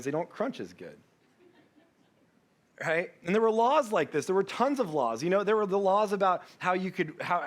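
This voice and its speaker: A man preaching a sermon as pastor, telling a story with humor and acting out the people in it. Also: on the high side. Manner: storytelling with humor, acts out quoted voices.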